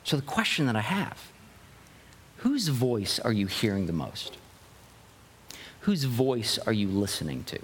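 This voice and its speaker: A man's voice: mid-range voice, big pitch swings, unhurried, pauses often, slight background noise. A young man preaching a sermon as pastor, earnest and full of rhetorical questions, often restarting his phrases. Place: church sanctuary. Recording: long hall reverb.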